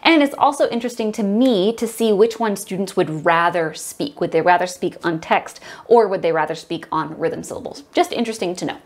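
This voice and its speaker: A woman's voice: fairly low pitch, fairly quick, few pauses. A woman music teacher explaining a classroom activity step by step and now and then modeling chants and sung solfege for the class.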